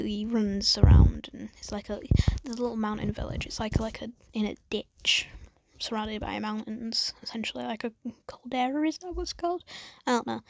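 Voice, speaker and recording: A woman casually retelling a fan story in a husky voice, rambling with many fillers and mostly whispering. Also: a little high.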